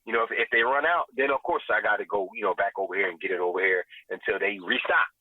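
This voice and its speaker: A man's voice: fairly low pitch, quick pace, no echo. Impassioned man over a tinny line. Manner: preachy, emphatic, repeats "you know what I'm saying". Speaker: guest, vegan restaurant owner. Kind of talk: passionate podcast commentary. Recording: tinny phone-like line, dry.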